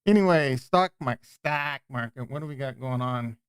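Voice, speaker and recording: A man's voice: mid-range voice, moderate pace, clean tone, dry recording. A man hosting a casual livestream, chatting in a rambling way and often breaking off and restarting his sentences. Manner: rambling, self-interrupting, chatty. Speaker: crypto livestream host.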